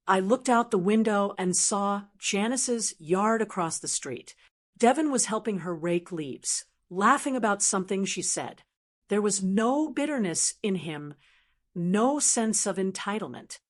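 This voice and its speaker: A woman in her sixties telling a first-person story in a steady, measured scripted narration. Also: medium pitch. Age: 60s.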